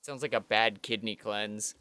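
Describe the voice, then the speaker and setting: A man's voice: on the low side, fairly even intonation, unhurried, pushed and bright, a little hiss or hum. A man giving casual let's-play commentary, chatting to the game character and mocking himself as he plays. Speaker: streamer playing a video game.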